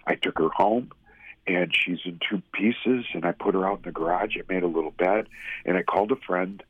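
A middle-aged man, a radio personality, telling a personal faith story in a halting, heartfelt way. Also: low-pitched, breathy edge, no echo, narrow, tinny audio. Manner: halting storytelling with restarts, emotional. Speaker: guest, former radio host. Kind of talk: personal testimony in an interview.

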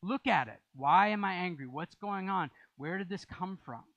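A man's voice: high-pitched, lively intonation, moderate pace, a bit bright, no room sound, muffled recording. A man preaching a sermon as pastor, in a conversational style with rising emphasis.

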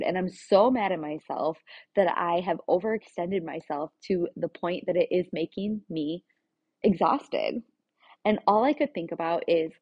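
A woman's voice: lowish voice, a little mellow, husky. A woman talking frankly in a casual personal monologue, confessional and plain-spoken, with the odd swear word. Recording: dull lo-fi recording.

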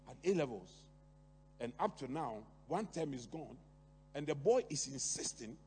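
A middle-aged man preaching a sermon, talking to the congregation with lively rhetorical questions and asides. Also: on the high side. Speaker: pastor. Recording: long hall reverb, faint hum.

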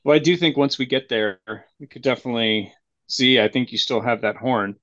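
A man with a middle-pitched voice plays a tabletop game. He rambles and restarts as he lays out a plan. The recording is muffled and lo-fi. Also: fairly quick, fairly bright tone, no echo. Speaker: player. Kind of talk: playing a tabletop game over a call.

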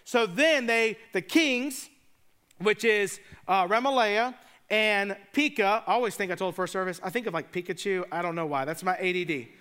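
A man's voice: sits high, moderate pace, sharp tone, clean tone. A man preaching a sermon, retelling scripture in a casual, joking way with conversational asides. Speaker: pastor.

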